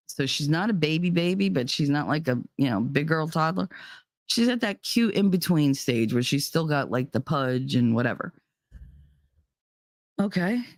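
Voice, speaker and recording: A woman's voice: deep voice, no room sound, studio quality. Profane woman telling a heated story. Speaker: podcast host. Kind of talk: storytelling monologue.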